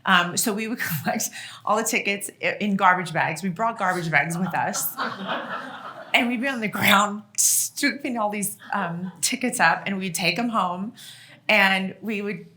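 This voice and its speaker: Bright-voiced woman telling family stories. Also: medium pitch, measured pace, slight background noise. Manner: chatty, laughs often, many fillers and restarts. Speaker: author and guest speaker. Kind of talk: casual storytelling to an audience.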